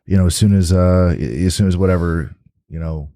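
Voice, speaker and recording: A man with a very low, mellow voice hosts a relaxed podcast chat. He rambles a little, trips over and repeats his words, and sounds close and dry in the studio. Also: normal speed, dry recording. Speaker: podcast host. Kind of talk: casual chat.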